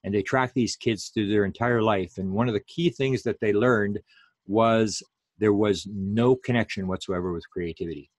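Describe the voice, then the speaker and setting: A man's voice: fairly low pitch, moderate pace, dry recording. A man giving an online lecture, talking unhurriedly with many fillers and restarts.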